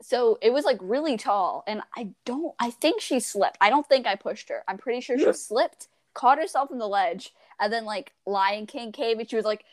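High-voiced giggly girl telling stories. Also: moderate pace, hardly any pauses, no echo. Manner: animated storyteller, acts out voices, giggles often. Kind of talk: casual chat.

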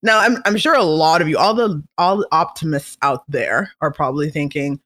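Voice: mid-range voice, very animated, moderate pace, hardly any pauses, fairly bright tone. A vlogger in a casual, chatty monologue, opinionated and playful, now and then slipping into comic voices. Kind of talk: casual celebrity gossip monologue.

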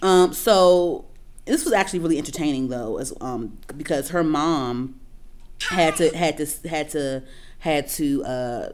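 Deep-ish woman gossiping, rambly, lots of cussing and restarts. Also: unhurried, a little hiss or hum. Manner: rambling, profane, many restarts and fillers. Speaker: podcast co-host. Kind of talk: casual gossip chat.

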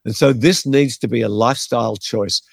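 A man's voice: medium pitch, brisk, gravelly, dry recording, clean studio sound. A man, a pastor teaching in a conversational, earnest way and giving numbered points. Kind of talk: podcast teaching on faith and health.

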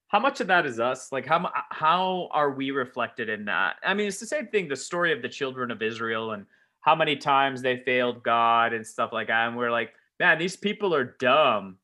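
Casual male podcast co-host: bright tone, loose and rambling, lots of fillers. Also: medium pitch. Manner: rambling, heavy use of filler words. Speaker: podcast co-host, former teacher. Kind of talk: casual conversation.

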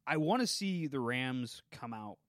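A man with an ordinary mid-range voice, chatting earnestly as a podcast co-host. He speaks in quick bursts, with fillers between them. The recording is dry and close, with no room echo. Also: mid-range voice, expressive, a bit bright. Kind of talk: casual chat.

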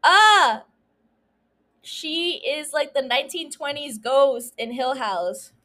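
A woman hosting a solo podcast, ranting casually and excitedly about a TV show, swearing often. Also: high-pitched, slow. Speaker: podcast host.

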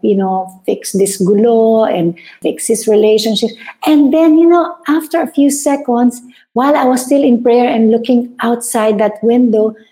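A middle-aged woman with a Filipino accent preaching a sermon in an animated way, switching between languages and laughing now and then. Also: on the high side. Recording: echoey room.

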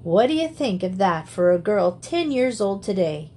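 A woman reading as a brisk old farmer uncle. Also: mid-range voice, sing-song, dark tone, a little hiss or hum. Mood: proud. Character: excited elderly farmer uncle.

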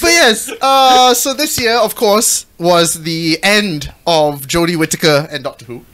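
A young man running segments on a casual podcast, eager and giggly. His voice is high, bright and very lively in pitch. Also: measured pace. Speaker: podcast co-host. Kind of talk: casual chat.

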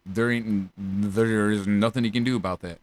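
A man co-hosting a casual wrestling podcast, animated, laughing and swearing. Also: lowish voice, moderate pace, no room sound. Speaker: podcast co-host. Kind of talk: casual live-reaction chat. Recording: loud crowd noise behind.

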